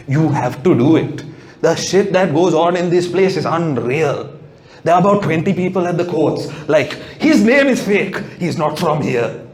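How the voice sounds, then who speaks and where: A man's voice: on the high side, slight background noise. A male stand-up comedian, sardonic and swearing freely during a set before a live audience.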